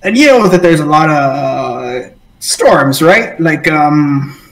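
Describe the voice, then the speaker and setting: A man voicing a female sailor who drops halting hints, like a teacher waiting for an answer. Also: a little high, lively intonation, roomy sound, poor audio. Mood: hinting.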